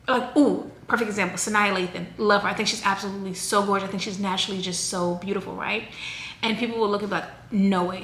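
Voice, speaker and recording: A woman in her thirties chats to her viewers in a loose, rambling way, full of asides. Her voice bounces around a reverberant room, with a faint hiss of background noise underneath. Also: mid-range voice. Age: 30s. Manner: chatty, rambling, animated. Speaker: vlogger. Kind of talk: casual chat to camera.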